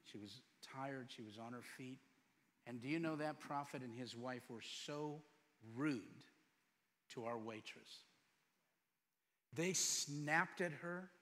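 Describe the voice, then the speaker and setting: A middle-aged man preaching a sermon as pastor, firing off rhetorical questions and moving between loud emphatic lines and quiet storytelling. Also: mid-range voice, slow, pauses often. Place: church sanctuary. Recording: long hall reverb.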